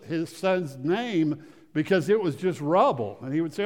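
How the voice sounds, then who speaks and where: A man preaching a sermon, swinging from loud emphasis to hushed storytelling, often repeating phrases and restarting sentences. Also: fairly high pitch, lively intonation, moderate pace. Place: church sanctuary. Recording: long reverb of a church hall.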